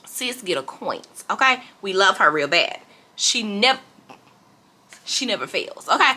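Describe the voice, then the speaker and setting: A woman's voice: medium pitch, big pitch swings, unhurried, bright, forceful tone. A woman telling a storytime vlog in casual, dramatic chat, calling her viewers y'all. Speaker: vlogger.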